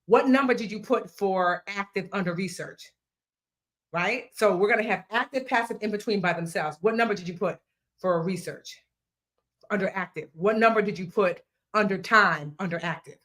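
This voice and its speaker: A woman's voice: mid-range voice, normal speed. A woman in her thirties hosting a live online money class, playful and chatty, talking straight to her viewers with slang and asides. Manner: lively, playful, talks straight to viewers, drops into slang and snatches of song. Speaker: financial educator hosting a live workshop.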